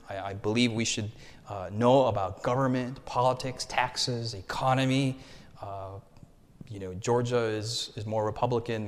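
A young American man preaching a sermon with animated rhetorical contrasts and call-and-response. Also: mid-range voice. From United States. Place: church hall. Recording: reverberant hall.

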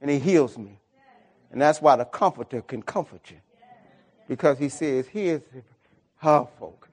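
A man's voice: fairly high pitch, big pitch swings, measured pace, pauses often, a little mellow, husky. A middle-aged man preaching a sermon with emotion, repeating himself and building into exclamations. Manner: emotional, repetitive, rising into exclamations. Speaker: pastor.

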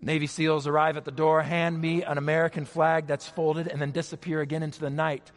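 A man preaching a sermon, retelling a dramatic story and dropping to a hushed voice for emphasis. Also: fairly high pitch, flat delivery, brisk, few pauses.

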